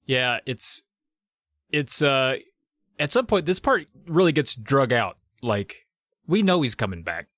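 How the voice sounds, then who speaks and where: A man's voice: mid-range voice, big pitch swings, slow, a bit bright, no echo, clean studio sound. A man co-hosting a podcast, joining a casual movie recap with wry jokes and asides. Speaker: podcast co-host.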